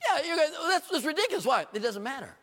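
A male pastor, preaching an animated sermon full of rhetorical questions and self-deprecating humor. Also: very high-pitched, fast talker. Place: church sanctuary. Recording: long reverb of a church hall.

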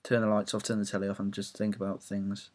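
A man's voice: fairly low pitch, completely flat delivery, fast, darkish tone. Young English man, home audio blog, rambling football rant, sweary and self-deprecating. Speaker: football fan blogger.

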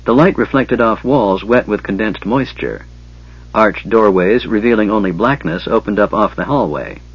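A man reading a fantasy novel aloud in steady, scripted narration. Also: on the low side, moderate pace, husky. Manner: steady, even storytelling. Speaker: audiobook narrator. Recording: dull lo-fi recording.

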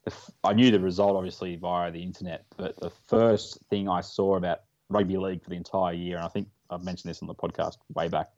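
A man's voice: sits low, little pitch movement, fast talker, hardly any pauses, darkish tone, no room sound, lo-fi sound. An Australian man hosting a podcast in a casual, jokey, chatty way. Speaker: podcast host.

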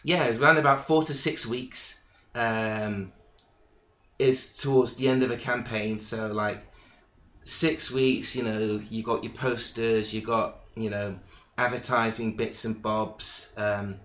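A man hosting a solo podcast, talking casually in a halting, hesitant way, full of ums, restarts and swearing. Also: fairly low pitch, fairly even intonation, a bit bright. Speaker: podcast host. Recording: echoey, dull lo-fi room recording.

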